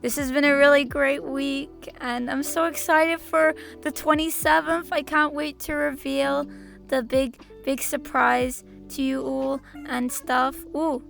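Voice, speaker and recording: Slow, gravelly-voiced woman streamer. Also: high voice, little pitch movement, a bit bright. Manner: gushing, sentimental, playful. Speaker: VTuber streamer. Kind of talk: casual chat with stream viewers. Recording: music playing under the voice. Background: background music.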